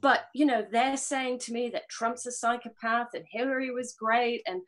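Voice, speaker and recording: Woman, a little high-pitched, passionate, rambling, casual online talk. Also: steady tone, moderate pace, a bit bright, poor audio. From grew up on film sets. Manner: rambling, earnest, swears and laughs it off. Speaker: panelist in a live online discussion.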